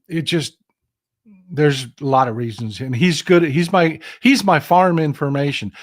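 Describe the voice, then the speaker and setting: A middle-aged man from Texas hosting a political livestream, talking straight to his viewers in a casual, impassioned and emphatic way. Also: on the high side. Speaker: political commentary livestream host.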